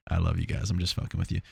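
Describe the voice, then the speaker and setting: Speaking very fast in a low, creaky, slightly rough voice, a young Long Island, New York man hosts a solo podcast. He rambles, swears, gets excitable, and keeps restarting sentences, talking casually into a lav or shotgun mic in a small foam-treated home room.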